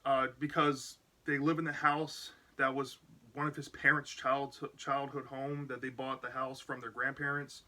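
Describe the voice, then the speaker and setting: A man's voice: mid-range voice, little pitch movement, normal speed, sharp tone. A man casually retelling a book's plot as a reviewer, rambling with lots of "like" and "you know". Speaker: book reviewer.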